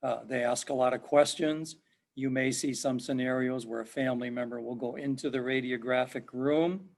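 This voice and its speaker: Here a middle-aged professor with a mid-range voice lectures an online class. He keeps things conversational, going over points more than once and putting questions to his students.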